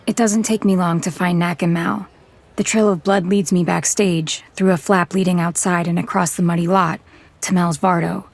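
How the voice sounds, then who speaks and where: A woman narrating an audio drama in first person as a tough, terse gunslinger, in a measured, hard-bitten way. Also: on the low side, fairly even intonation, gravelly, soft background music.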